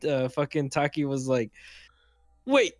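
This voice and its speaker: A man in casual chat, crude and quick to laugh, swearing heavily. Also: sits high, animated, dry recording, clean studio sound.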